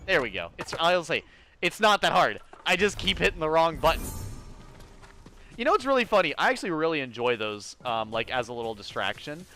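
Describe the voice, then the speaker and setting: A young man streaming a video game and chatting with his viewers in loose, excitable commentary, swearing whenever things go wrong. His slightly high voice is bright and forceful and jumps all over the place. A faint noise sits behind him. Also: brisk. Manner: excitable, swears often, talks to chat. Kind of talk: casual live-stream commentary.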